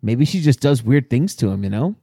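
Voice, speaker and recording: A man's voice: medium pitch, very animated, fairly quick, dark tone, breathy edge, no room sound, clean studio sound. A man co-hosting a crude casual chat, swearing constantly and joking as he tells news stories. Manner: profane, joking, storytelling. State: shivering from cold. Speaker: podcast co-host. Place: outdoors in the cold.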